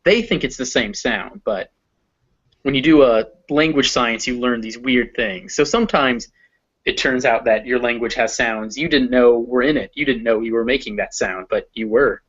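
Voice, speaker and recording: A man's voice: medium pitch, normal speed, a bit bright, lo-fi sound. A man with a Southern American accent teaching English pronunciation, patiently modeling vowel sounds for a learner. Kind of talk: explaining phonetics to a learner.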